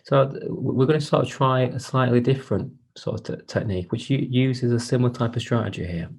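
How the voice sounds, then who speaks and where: A man guides an online workshop over a video call with a gentle, inviting manner. His voice has a gravelly, husky edge. He pauses and restarts often as he speaks, and his pitch sits in an ordinary middle range. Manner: gentle, inviting, hesitant with many restarts and "sort of". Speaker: workshop presenter for carers.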